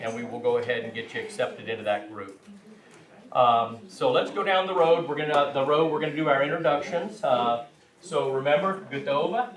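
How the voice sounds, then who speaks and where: A man's voice: medium pitch, fairly bright tone. A man leading a language class, friendly and laughing along with the group. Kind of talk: classroom teaching. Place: large echoey meeting hall. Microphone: distant room mic. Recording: echoey hall from far off.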